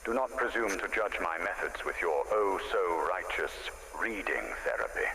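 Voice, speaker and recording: A condescending middle-aged asylum director, low gravelly voice, game character, reverberant space with faint noise. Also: male voice, lively intonation, moderate pace, bright, forceful tone, heavily acted. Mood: contemptuous. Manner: cold, condescending.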